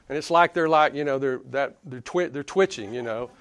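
A man's voice: mid-range voice, brisk, few pauses, a bit bright, dry recording, studio quality. A man with a Southern US accent preaching a sermon in a conversational, emphatic way, chuckling between points. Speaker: pastor.

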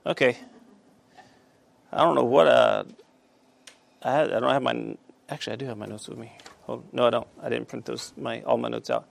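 A man teaching a Bible study class, halting with many fillers and asking the class questions. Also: mid-range voice, steady tone, gravelly.

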